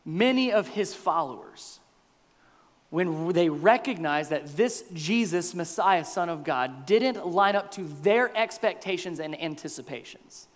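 A man preaching a sermon as pastor, swinging between loud bursts and near-whispers. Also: high voice, a little slow, in a large hall. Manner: animated preaching with big swings in loudness, dropping to near-whispers.

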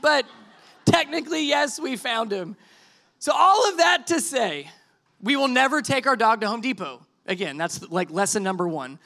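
A man in his thirties preaches through a comic family anecdote, voice pitched high and ringing bright. He acts out each line of dialogue and pokes fun at himself as the story builds toward its lesson. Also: moderate pace, vocal fry. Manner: animated storytelling, acts out quotes, self-deprecating asides. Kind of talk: sermon illustration told as a story.

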